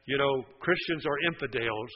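A man's voice: medium pitch, normal speed, slightly rough, lo-fi sound. An older man preaching a sermon, folksy and emphatic, firing off rhetorical questions. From West Virginia.

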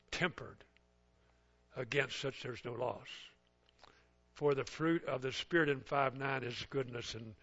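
Man preaching, animated, bright forceful voice, muffled lo-fi recording. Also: mid-range voice, breathy edge. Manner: animated preacher acting out little scenes with voices. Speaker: pastor. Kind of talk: sermon.

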